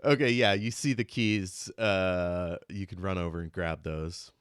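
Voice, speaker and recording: Deep, unhurried male game master, dry close sound, easy laughs. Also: clean tone, no room sound. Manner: relaxed, laughs often. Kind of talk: running a tabletop game over a video call.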